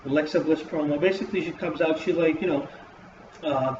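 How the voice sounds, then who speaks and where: A man's voice: on the high side, fairly quick. A man casually reviewing a wrestling show in a vlog, swearing often and rambling with lots of fillers. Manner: profane, rambling, full of fillers. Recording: roomy dull lo-fi with hiss.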